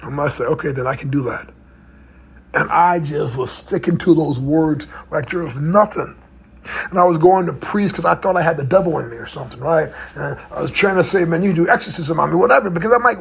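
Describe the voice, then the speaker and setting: Middle-aged guy coach telling his own story, kinda high voice, husky, lots of "right?". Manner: conversational, tag questions, occasional stutter. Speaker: mental health coach. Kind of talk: storytelling talk.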